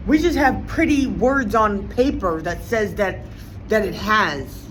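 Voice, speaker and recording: A woman's voice: medium pitch, takes it slowly, a bit bright, slight background noise, low-quality recording. A woman vlogging in a casual, profane, rambling way, with lots of fillers, her voice rising sharply when she gets indignant. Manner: profane, meandering, many fillers. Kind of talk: casual rant to camera.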